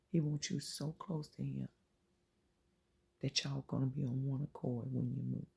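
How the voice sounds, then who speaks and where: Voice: medium pitch, flat delivery, moderate pace, vocal fry, a little mellow, husky. A channel host giving an earnest, informal inspirational faith talk, repeating phrases and dropping into whispers to make a point.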